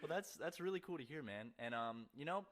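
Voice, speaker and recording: A young man around twenty co-hosts a casual podcast, his mid-pitched voice lively and swinging up and down. He jokes around and trades banter with easy laughs. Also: a little fast. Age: about 20. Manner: laughs easily, playful banter. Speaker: podcast co-host. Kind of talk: casual chat.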